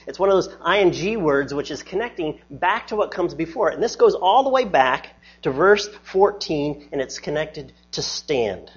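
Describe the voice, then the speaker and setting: A man's voice: fairly high pitch, expressive, moderate pace, hardly any pauses, slightly rough, highs cut off. A man preaching a sermon as pastor, earnest and emphatic, often repeating words as he restarts a thought.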